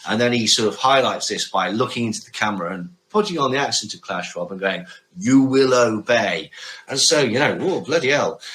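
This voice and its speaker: A man co-hosts a chatty podcast, his voice bright and forward. He talks with an animated, up-and-down delivery and drops in wry, sarcastic asides. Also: mid-range voice, rough recording. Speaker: podcast co-host. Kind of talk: casual podcast chat.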